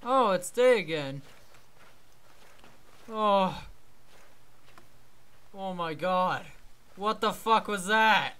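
A man's voice: high-pitched, expressive, extremely slow, long pauses, pushed and bright, smooth. Screaming, cursing young man playing horror. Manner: jumpy, screams and swears at scares; slangy, repetitive exclamations. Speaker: gaming YouTuber. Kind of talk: horror game let's play commentary.

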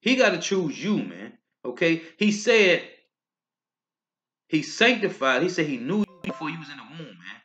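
Aave-guy preaching scripture, keeps saying man okay, pitch all over the place, kinda muffled. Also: sing-song, moderate pace, a bit bright. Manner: emphatic, rising and falling bursts. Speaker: street preacher. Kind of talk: scripture-reading sermon video. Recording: dull lo-fi recording.

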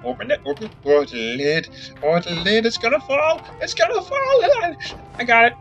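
A man playing an excitable, hot-tempered young gamer in a comedic trailer skit, goofy and prone to shouting outbursts. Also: high-pitched, brisk, muffled recording, faint music behind, voice pushed up, exaggerated voice. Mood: excited.

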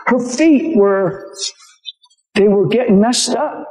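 An excitable male preacher tells stories to a live crowd, jumping into the voices of the people he describes and laughing along the way. His voice sits high for a man, and the recording rings with the echo of a large hall. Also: slow, soft background music. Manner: excitable, acts out quoted people, laughs often. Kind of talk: animated sermon storytelling. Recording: roomy live venue recording.

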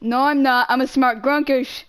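A woman trolling other players in game voice chat, teasing and mocking them, sometimes dropping into a low put-on voice to taunt. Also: fairly even intonation, normal speed, smooth.

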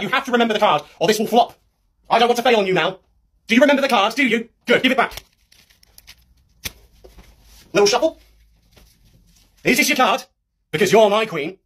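A man plays a clumsy British magician who hams up every trick. His patter is theatrical and bossy, in a husky voice that sits high and leaps around, all for a comedy sketch. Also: lively intonation, fast talker, a bit bright, exaggerated voice. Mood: showy. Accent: British English. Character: showy, clumsy male amateur magician.

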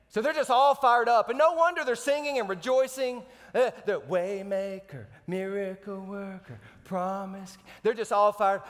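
A man preaching a sermon as pastor, animated and joking between slow scripture readings. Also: high voice, long reverb tail. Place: church sanctuary.

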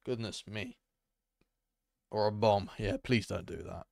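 A young man chatting excitedly to his viewers as he streams a game, reacting loudly and calling out to chat. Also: on the low side, slow pace, creaky, long pauses, dry recording, studio quality. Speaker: gaming streamer. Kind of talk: live gameplay commentary.

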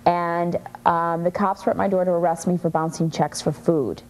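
A woman's voice: lowish voice, normal speed, rough recording. A woman in her thirties from Chicago, a guest telling her story in a casual, chatty interview and acting out quoted voices. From Chicago, USA. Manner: chatty, animated storyteller who acts out quotes.

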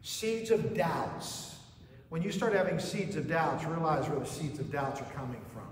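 A man's voice: on the high side, a little slow. A male pastor preaching a sermon, rising in emphasis and asking rhetorical questions, recorded from a distance in a church sanctuary. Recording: echoey hall from far off.

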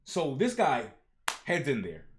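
A man's voice: medium pitch, huge pitch swings, slow pace, a little hiss or hum. A young man streaming a live comic reaction, talking casually with slang and reading the panels aloud.

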